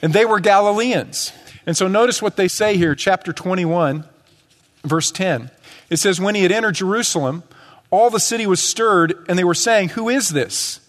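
A man's voice: sits high, normal speed, in a large hall. A male pastor delivering a sermon in a conversational way, acting out quotes as he teaches. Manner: conversational preaching with acted-out quotes. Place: church sanctuary.

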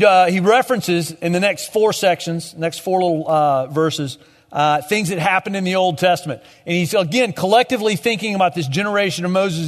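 Young man preaching in a reverberant hall. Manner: conversational, drops to a low hush at the ends of points. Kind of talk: sermon.

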